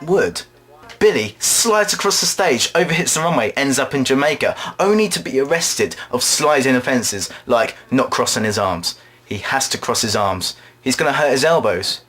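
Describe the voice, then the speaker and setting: A man performing an absurd comic monologue, rambling along in a deadpan way and now and then putting on quick voices. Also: medium pitch. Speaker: drama student performer.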